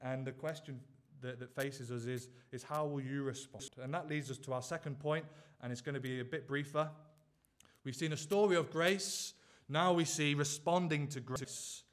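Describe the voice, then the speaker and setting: A man's voice: mid-range voice, steady tone, moderate pace. A man preaching a sermon, pressing his listeners with earnest, repeated rhetorical questions.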